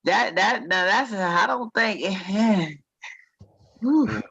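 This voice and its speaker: A woman's voice: medium pitch, creaky, a bit bright, slightly rough, no echo. A frank, earthy woman hosting a chat show in an easygoing, joking way. Her voice sits in a middle register. The sound is dull and lo-fi, with a dry, close feel. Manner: frank, earthy, quick to joke. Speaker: talk show host. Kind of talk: casual chat.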